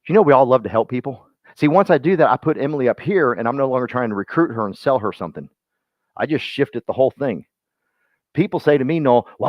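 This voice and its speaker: A man with a drawl gives a folksy, animated motivational talk to a room of colleagues, calling on people by name. His mid-range voice comes across dry and slightly dull, with a lo-fi quality. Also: medium pitch, fast talker, dry recording. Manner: folksy and animated, speaks straight to listeners by name. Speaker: real estate team speaker. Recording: dull lo-fi sound.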